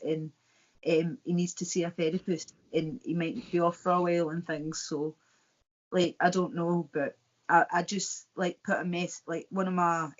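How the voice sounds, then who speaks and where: A woman's voice: fairly low pitch, dull audio. A Scottish woman in casual chat as co-host, rambling with lots of fillers and restarts. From Scotland.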